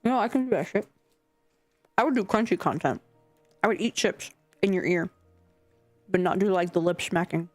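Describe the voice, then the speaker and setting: A woman's voice: on the low side, expressive, normal speed, long pauses, dry recording. A young adult woman streamer chatting casually and scatteredly with her chat, swearing now and then. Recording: faint music behind.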